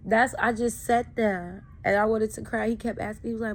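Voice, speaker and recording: A woman's voice: a little high, fairly even intonation, a little fast, a little hiss or hum. A woman talking straight to camera in a candid personal vlog, with raw, emotional, profane storytelling. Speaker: vlogger.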